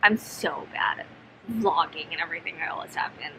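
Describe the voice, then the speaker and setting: A young woman in a casual home vlog, speaking softly and hesitantly with many pauses and restarts. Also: deep voice, background noise. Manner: soft-spoken, hesitant, many ums and restarts. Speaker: vlogger. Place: home, sitting on the floor. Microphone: camera mic.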